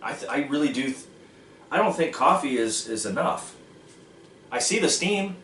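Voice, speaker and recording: Joking about snacks in a goofy, self-deprecating way, this vlog host runs a relaxed food-tasting video. His voice sits on the high side, animated and a bit bright at a moderate pace, captured from far off in an echoey room with slight hiss or hum.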